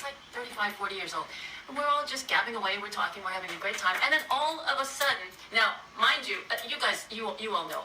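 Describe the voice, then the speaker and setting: A woman's voice: mid-range voice, sharp tone, slight background noise. A woman around sixty telling a personal story to her viewers in a chatty, emphatic way. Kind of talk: casual storytelling to camera. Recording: roomy echo, distant from the mic.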